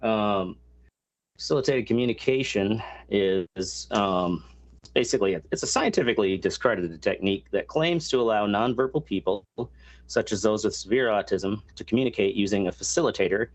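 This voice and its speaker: A man's voice: lowish voice, normal speed. A man hosting a casual podcast chat, explaining a topic at length with many fillers and crude asides. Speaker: podcast host.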